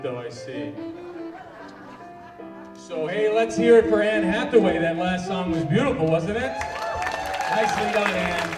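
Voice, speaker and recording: A man's voice: high voice, close to an everyday voice. A man impersonating a brash old Vegas lounge crooner. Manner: wisecracking, emcee patter. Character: brash older male Vegas crooner hosting a lounge show. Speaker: impressionist performer. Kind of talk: stage impression with lounge banter. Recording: echoey hall from far off, loud band and crowd.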